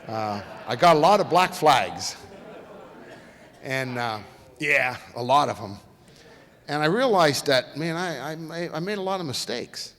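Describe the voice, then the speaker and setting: A man's voice: a little high, unhurried. Middle-aged man, folksy storyteller, lecture hall reverb. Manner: folksy, lively, acts out quoted voices. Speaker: guest speaker.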